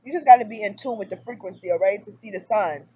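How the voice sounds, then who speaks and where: A woman in her thirties talking casually to camera about her relationship, in an animated storytelling manner that jumps up loud for emphasis. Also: medium pitch, quick pace, breathy edge, dull audio. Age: 30s. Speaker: spiritual vlogger. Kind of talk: casual personal monologue.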